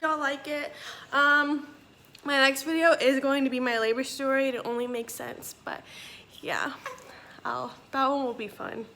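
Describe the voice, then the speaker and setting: A woman's voice: sits high, little pitch movement, a little slow, bright, forceful tone, slight background noise. A young woman telling a personal story in a casual vlog, chatty and rambling, acting out what others said. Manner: chatty, rambling, acts out quoted dialogue. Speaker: vlogger.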